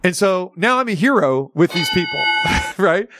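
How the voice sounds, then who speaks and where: A male talk show host telling a long story in a chatty, animated way, with lots of restarts. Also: sits high, moderate pace, background noise. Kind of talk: casual storytelling chat.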